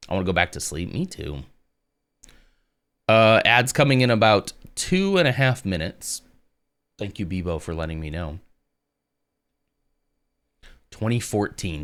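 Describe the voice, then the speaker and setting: A man streaming live, reading aloud and chatting casually with his viewers in a relaxed, rambling way. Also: sits low, unhurried, pauses often. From United States. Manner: relaxed and rambling, reads text aloud and answers chat.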